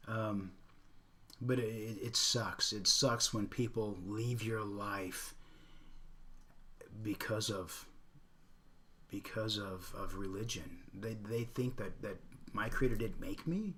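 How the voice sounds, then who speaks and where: A man's voice: on the low side, a bit bright. Earnest middle-aged man on a livestream. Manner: earnest and chatty, showing makeup steps as he talks. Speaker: livestream host. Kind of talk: casual livestream chat.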